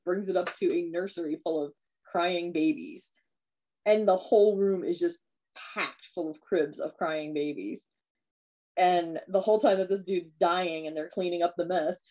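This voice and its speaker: A chatty woman co-hosting a podcast, retelling a film scene by scene and slipping into the characters' lines. Her voice sits a little low and has a dark, mellow tone. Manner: chatty, acts out characters' lines with lots of fillers. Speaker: podcast co-host. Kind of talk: casual chat, retelling a horror film plot.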